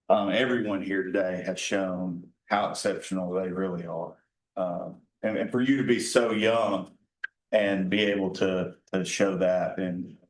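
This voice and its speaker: A man on a city council giving earnest, halting praise at a council meeting. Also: low voice, roomy sound, low-quality recording. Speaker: council member.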